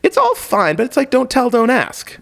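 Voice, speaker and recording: Animated storytelling man. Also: extremely high pitch, moderate pace, gravelly. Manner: lively, laughing, acts out voices in stories. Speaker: guest, blind filmmaker and author.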